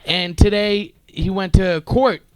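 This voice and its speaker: A man's voice: high-pitched, steady tone, slow pace, clean tone, dry recording, low-quality recording. A young man co-hosting a casual chat show, joking, rambling and laughing often. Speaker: co-host.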